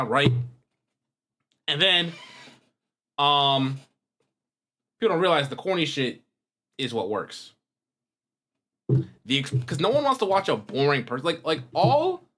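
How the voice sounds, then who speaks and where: A young man hosting a reaction video, talking casually to his viewers in a rambling, slangy way. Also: on the high side. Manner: rambling, slangy, animated with wide swings in loudness.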